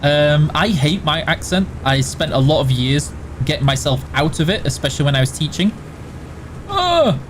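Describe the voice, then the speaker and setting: A man's voice: a little high, sing-song, normal speed, a little hiss or hum. A man with a Yorkshire accent from near Barnsley, hosting a game livestream and chatting casually with viewers, rambling with lots of restarts. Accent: Yorkshire (Barnsley area). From Yorkshire, England. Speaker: stream host. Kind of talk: casual livestream chat answering viewer questions while gaming.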